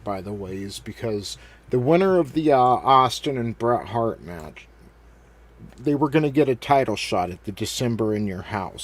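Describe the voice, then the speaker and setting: Man casually recapping old wrestling shows. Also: medium pitch. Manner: rambling, recaps and quotes with filler words. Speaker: podcast host.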